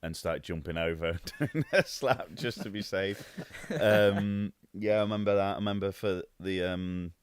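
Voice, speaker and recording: A man's voice: low voice, measured pace, few pauses, clear, resonant tone, no echo, studio quality. A man talking as a podcast guest, a wrestler telling stories in a laid-back, easygoing way. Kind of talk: casual chat.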